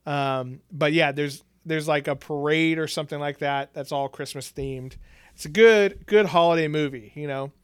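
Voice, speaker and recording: Laid-back man with a smooth voice. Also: on the high side, moderate pace, no echo, studio quality. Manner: laughs often, swears casually, rambling with fillers. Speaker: podcast co-host. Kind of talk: casual chat about movies.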